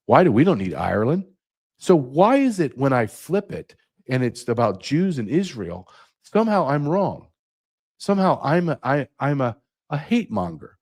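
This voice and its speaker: A man's voice: a little high, very animated, unhurried, darkish tone. A man hosting his own show, delivering an indignant opinion monologue with sarcastic asides. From United States. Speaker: podcast host.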